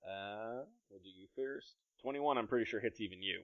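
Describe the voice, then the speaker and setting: A man running a tabletop game as game master, playful and narrating combat with quick asides. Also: on the low side, no room sound. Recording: dry, slightly dull podcast mic.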